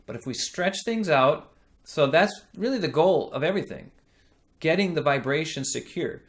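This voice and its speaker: Slightly high and animated, a man's voice guides listeners through singing lessons. He explains technique patiently, sings vowels as examples, and keeps his pace slow and thoughtful.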